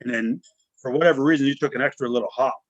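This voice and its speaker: Guy on a podcast telling stories, animated, dry mic. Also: medium pitch, fast talker, dry recording, highs cut off. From Canada. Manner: animated storyteller, acts out shouts. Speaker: podcast guest. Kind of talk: casual chat.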